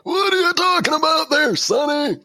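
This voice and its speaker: A man's voice: lively intonation, moderate pace, pushed and bright, no echo, clean studio sound, faint music behind, exaggerated voice. A teenage boy putting on a doddering, hard-of-hearing old man voice. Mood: mocking. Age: teens. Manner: mock-quavery, exaggerated high voice.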